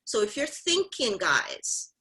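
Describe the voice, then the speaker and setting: A woman's voice: on the high side, huge pitch swings, takes it slowly, sharp tone, low-quality recording. A woman giving a motivational talk to a mentorship group, emphatic and direct, often repeating phrases and calling out to her listeners. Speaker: mentorship session speaker.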